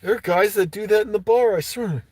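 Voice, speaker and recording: A livestream host rants casually and angrily, swearing a lot in an agitated, profane manner. His voice is high-pitched, brisk and a little mellow, with no room sound.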